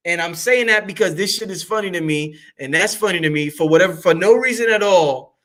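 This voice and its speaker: A man, hosting a show in a loud, excitable monologue that swings up and down and breaks into laughter. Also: fairly quick. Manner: loud, excitable, swings high and low, laughs often, swears freely. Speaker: show host. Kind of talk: animated livestream monologue.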